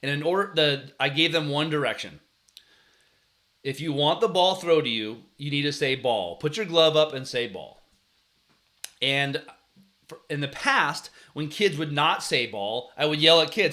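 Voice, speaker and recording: A man hosting a casual advice talk for coaches and parents, telling stories earnestly, often restarting his sentences, and acting out the way he yelled at players. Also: on the high side, normal speed. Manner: earnest storytelling, frequent restarts, acts out yelling at players. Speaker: youth sports coach and show host.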